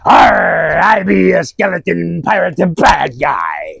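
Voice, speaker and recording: A man voicing a blustering skeleton pirate villain in a homemade ad skit, shouting with growly pirate bluster. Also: high-pitched, expressive, slow pace, vocal fry, breathy edge, no echo, pitched above the performer's own voice, heavily acted. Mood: menacing.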